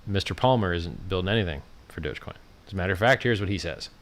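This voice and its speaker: A man's voice: low voice, animated, quick pace. A man hosting a casual livestream, talking in a brash, mocking, ranting way as he scrolls and comments. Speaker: livestream host.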